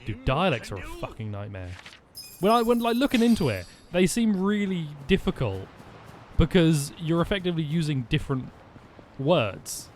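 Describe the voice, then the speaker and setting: A man's voice: fairly high pitch, very animated, normal speed, slight background noise. A man streaming a video game, chatting casually and rambling through jokey asides as he plays. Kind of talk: casual gameplay commentary.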